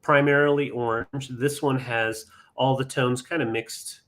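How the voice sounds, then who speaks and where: A man's voice: medium pitch, steady tone, a little slow, a bit bright. A man hosting a live vintage sale stream, chatting casually with many ums and counting down bids.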